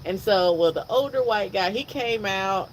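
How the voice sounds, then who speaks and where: A woman co-hosting a podcast, telling a personal story in a casual, animated way and acting out the dialogue. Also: medium pitch, moderate pace, slight background noise, low-quality recording. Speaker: podcast co-host.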